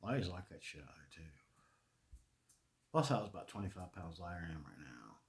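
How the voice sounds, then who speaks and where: A deep-voiced Southern man in his forties from Charlotte, North Carolina hosts a podcast, speaking briskly with big pitch swings. His storytelling is a rambling, casual, profane monologue full of restarts and laughter.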